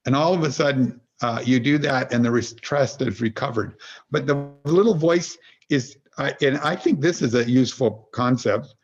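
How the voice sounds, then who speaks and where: A man's voice: mid-range voice, moderate pace, lo-fi sound. A man as a podcast guest, explaining ideas through storytelling, acting out little inner voices, often stopping to restart a thought. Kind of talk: conversational explanation.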